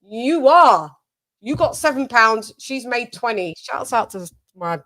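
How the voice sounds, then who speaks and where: A woman's voice: fairly high pitch, lively intonation, a little slow, heavy background noise. A British woman hosting a live stream, chatting casually and telling rambling family anecdotes with frequent swearing. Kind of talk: casual chat.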